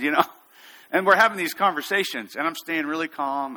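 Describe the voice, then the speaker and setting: Male pastor, storytelling sermon, slightly high, bright-toned. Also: quick pace. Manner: storytelling, animated, acts out quotes.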